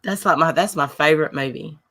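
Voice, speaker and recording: A woman's voice: sits low, brisk, a bit bright. A woman with a Southern US accent, sick and on cold medicine, teasing and laughing in a casual group chat.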